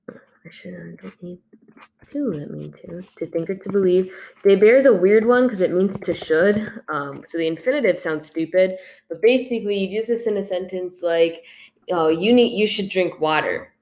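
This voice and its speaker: A woman's voice: mid-range voice, normal speed, a little mellow, a little hiss or hum. A young woman teaching a video lesson, going over her class notes in a casual, chatty way with plenty of fillers. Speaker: Spanish teacher. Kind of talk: recorded classroom lesson walkthrough.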